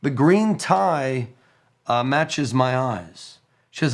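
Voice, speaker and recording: A man hosting a call-in radio show, chatting casually and reading listener messages, his voice hoarse. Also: mid-range voice, expressive, slow.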